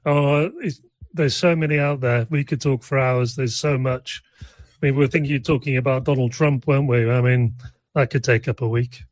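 A man's voice: mid-range voice, steady tone, moderate pace, dry recording, low-quality recording. A man chatting as a guest on a radio talk show, in a wry, chatty way. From United Kingdom.

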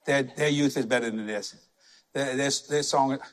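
A man's voice: medium pitch, normal speed. A man preaching a sermon, emphatic and conversational, repeating words for effect.

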